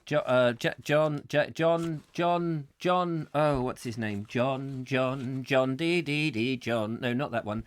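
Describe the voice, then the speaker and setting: A man's voice: mid-range voice, slow pace, few pauses, clean tone. A man hosting a comic live chat show, ranting and joking with his viewers. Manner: animated, ranting, jokey asides. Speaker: host.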